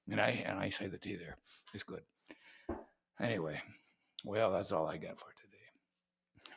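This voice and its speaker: A man's voice: fairly low pitch, big pitch swings, moderate pace, vocal fry, long pauses, a bit bright, slightly rough. An American man giving a playful, mock-serious comedic monologue as a vlogger, repeating words for effect. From United States.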